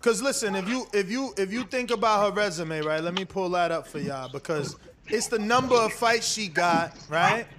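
Male stream host, high voice, casual and cussing, rambles on boxing talk. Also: expressive, moderate pace, a crowd in the background. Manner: loose, profane, rambling and emphatic. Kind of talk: casual livestream chat.

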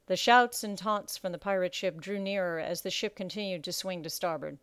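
A woman reading a story aloud as narrator in a measured, dramatic storytelling manner. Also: lowish voice, smooth, no echo, studio quality. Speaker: audiobook narrator. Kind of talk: scripted narration.

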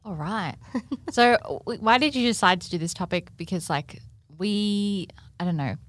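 Lively woman co-host, dry sound. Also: mid-range voice, normal speed, dry recording. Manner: relaxed, asks questions, short replies. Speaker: podcast co-host. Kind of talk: casual chat.

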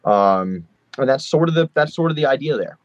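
Long island guy rambling w lots of likes, muffled remote call audio, mid pitch. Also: lively intonation, brisk, dry recording. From Long Island, New York. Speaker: guest musician. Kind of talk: casual interview chat. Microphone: video call.

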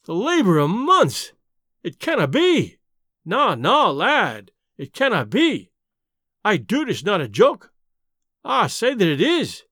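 A man's voice: sits high, wildly swooping pitch, moderate pace, a bit bright, no echo, clean studio sound, exaggerated voice. A man voicing a frantic Scottish woodcutter who wails and pleads, with a Scottish accent. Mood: wailing.

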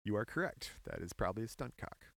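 A man's voice: lowish voice, fast talker, gravelly, dry recording. A young adult man co-hosting a podcast, casually telling stories and joking with his co-host. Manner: lively, playful storyteller. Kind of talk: casual chat.

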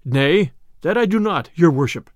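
A man's voice: on the high side, lively intonation, moderate pace, no room sound, natural voice. Guy doing a matter-of-fact soldier, old-timey talk, dry close sound. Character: plain-spoken male man-at-arms.

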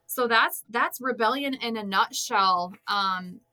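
A woman's voice: a little high, slow, bright, forceful tone, low-quality recording. A woman co-hosting a Christian podcast, chatting earnestly and reading a testimony aloud. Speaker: podcast co-host. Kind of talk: faith podcast conversation and story reading.

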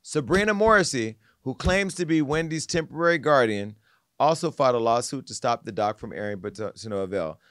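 Man, podcast host, animated gossip storytelling, dry close sound. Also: mid-range voice, a little fast, no room sound. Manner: animated storytelling, acts out quotes. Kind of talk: casual gossip commentary.

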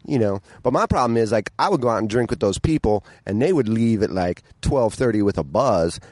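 A man speaking bluntly and candidly as a podcast guest, with casual swearing and acted-out quotes. His voice sits a little low. The sound is dry and close-miked. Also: animated, fairly quick, darkish tone, no room sound.

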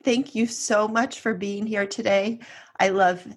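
Woman co-host, slow and husky, casual podcast questions on a video call. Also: medium pitch, fairly even intonation. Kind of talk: casual interview talk.

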